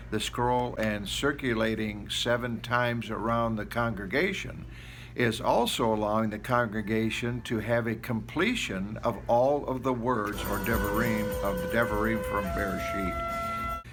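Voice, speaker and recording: Low-voiced man explaining calmly. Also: soft background music. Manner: plain, thoughtful explaining with some pauses. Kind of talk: explanatory talk.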